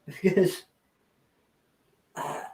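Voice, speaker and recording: A man's voice: very slow, mellow. A man hosting a casual podcast chat, laid-back and rambling with chuckles. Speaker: podcast host. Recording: roomy echo.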